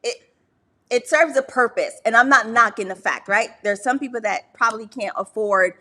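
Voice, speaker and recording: A woman co-hosting a casual talk show with her husband from their couch, expressive and quick to laugh. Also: on the high side. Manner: expressive, laughs easily, slangy interjections. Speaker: podcast co-host, wife. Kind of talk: casual chat. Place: home couch.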